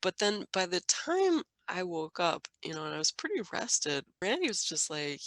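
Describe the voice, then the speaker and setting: A woman's voice: fairly low pitch, sing-song, moderate pace, few pauses, a bit bright, dry recording. A woman telling her own story on a podcast, casual and chatty with lots of fillers. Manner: chatty, frequent fillers and laughter. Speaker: podcast guest, mother.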